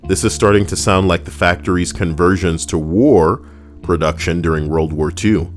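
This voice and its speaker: A man hosting a casual reaction stream, talking in a slangy, animated way and swearing freely. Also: deep voice, moderate pace, soft background music. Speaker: streamer host.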